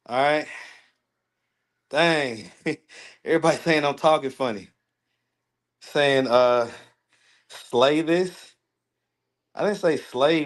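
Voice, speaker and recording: A man chatting casually with viewers on a phone livestream, indoors in his apartment. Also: fairly high pitch. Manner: chatty, addresses viewers directly, easygoing.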